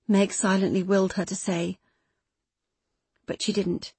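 A woman reading a novel aloud in measured, intimate scripted narration. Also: medium pitch, flat delivery, darkish tone, slightly rough, no room sound. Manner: measured, intimate, close third-person storytelling. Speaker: audiobook narrator.

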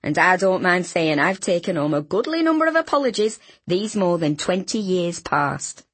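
Woman reading an audiobook, wry and brisk, slightly low husky voice, dry close sound. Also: very animated, dry recording. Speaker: audiobook narrator. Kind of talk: scripted narration.

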